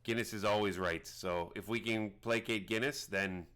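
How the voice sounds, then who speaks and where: A man voicing a gruff, pragmatic male fish-folk warrior who speaks plainly and haltingly. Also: lowish voice, steady tone, a bit bright, lightly acted.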